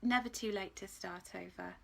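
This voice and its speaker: A woman giving a live angel card reading in a gentle, reassuring way. She is emotional, laughs often, and at times drops to a soft whisper. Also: medium pitch, normal speed, vocal fry, a little hiss or hum.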